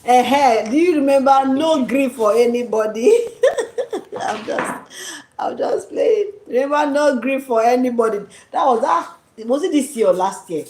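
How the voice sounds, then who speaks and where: Slow-talking Nigerian woman, echoey room. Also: sits high, darkish tone, a little hiss or hum. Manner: laughs often, drops into Nigerian Pidgin slang. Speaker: vlogger. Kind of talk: casual chat.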